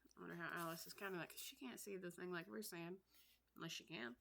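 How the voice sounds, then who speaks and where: A woman's voice: lowish voice, fast, gravelly, bright, forceful tone, a little hiss or hum. A woman teacher reading a classic storybook aloud and chatting casually between passages to explain the words.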